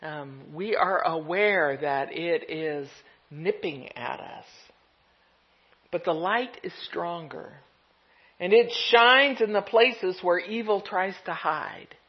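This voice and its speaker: A medium-pitched pastor preaches slowly and gently, giving a reflective sermon with soft laughs and letting each thought settle. The recording sounds dull and lo-fi, its top end muffled.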